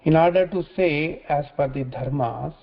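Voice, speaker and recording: A man teaching scripture in a religious talk, halting often and repeating phrases as he restarts. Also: on the high side, gravelly. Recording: dull lo-fi recording.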